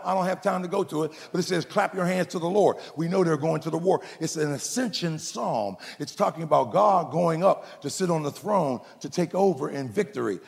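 A male pastor delivers a sermon with a folksy, joking storytelling manner, teasing his congregation. His voice is gravelly with some fry and sits fairly high. The sound rings with the long reverb of a big church hall. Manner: folksy preacher, playful storytelling, calls out to the congregation.

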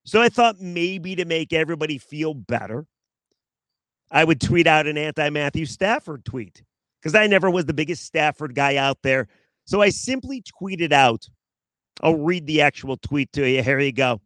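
A man hosts a sports talk show in a sarcastic monologue, mocking himself and speaking right to his listeners. His voice sits a little high for a man. The sound is dry and close, with little room around it. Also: animated, moderate pace, a bit bright, no echo. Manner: sarcastic, self-mocking, talks straight to listeners. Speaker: sports radio host. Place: outdoors in his backyard.

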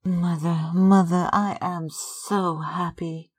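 A man's voice: high-pitched, level tone, takes it slowly, slightly rough, voice pushed up, exaggerated voice. A man reading aloud, voicing a young girl in love in a raised, breathless, pleading tone. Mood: giddy, lovestruck.

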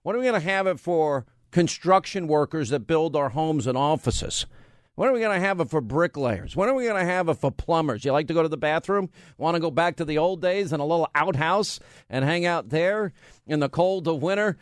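A man's voice: fairly high pitch, lively intonation, fairly quick, no echo. A man hosting a talk radio show, firing off rhetorical questions and bantering with his studio crew. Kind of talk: conservative talk radio monologue. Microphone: studio mic.

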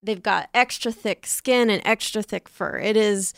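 A woman's voice: medium pitch, unhurried, gravelly, no echo, clean studio sound. A young woman co-hosting a casual comedy podcast, rambling and giggly. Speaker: podcast co-host.

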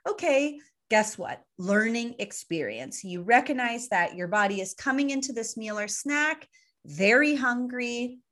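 A woman co-hosting a podcast, explaining eating habits through lively, playful analogies in a casual chat. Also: fairly high pitch, unhurried. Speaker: podcast co-host, nutrition expert.

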